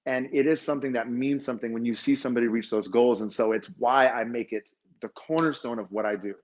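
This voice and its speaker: A man's voice: mid-range voice, steady tone, quick pace, lo-fi sound, slight background noise. A man giving an earnest, emotional motivational talk at a conference, telling stories and acting out quotes. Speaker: conference speaker.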